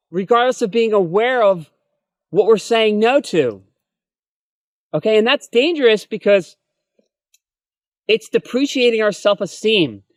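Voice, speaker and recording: A man's voice: high-pitched, dry recording. A man giving a spoken self-help lesson, earnest and repetitive, checking in with "okay?" and "right?" as he explains. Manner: earnest, repetitive, addresses viewers as folks, frequent "okay?" and "right?". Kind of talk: spoken personal-development lesson.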